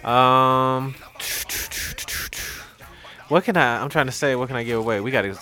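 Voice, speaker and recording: A man's voice: mid-range voice, a little slow, bright, forceful tone. A man co-hosting a casual podcast, slangy and teasing in laid-back banter. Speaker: podcast co-host. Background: faint music playing.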